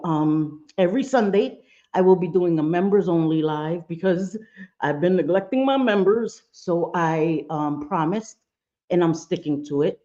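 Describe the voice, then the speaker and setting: A woman's voice: fairly low pitch, warm tone, lo-fi sound. Chatty woman streaming from home, swearing and laughing. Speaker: livestream host. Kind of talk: casual livestream chat. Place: home room with bright lights.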